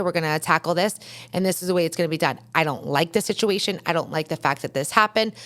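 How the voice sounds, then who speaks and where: A middle-aged woman talks straight into a studio mic as a podcast host, with a somewhat low voice. She is candid and blunt, swears freely, and speaks in a motivational monologue. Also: fairly bright tone. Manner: candid, blunt, uses profanity.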